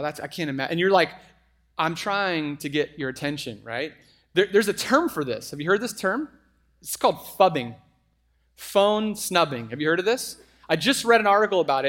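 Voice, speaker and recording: A middle-aged male pastor delivers a sermon in a conversational, lively way. He keeps turning to the congregation with quick asides and questions, and his voice sits a bit higher than most men's.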